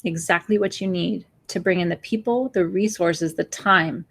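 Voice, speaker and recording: Gravelly-voiced woman in her forties pleading earnestly. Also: on the low side, normal speed. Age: 40s. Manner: acts out gasps and sighs. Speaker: spiritual teacher. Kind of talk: live-streamed new moon talk.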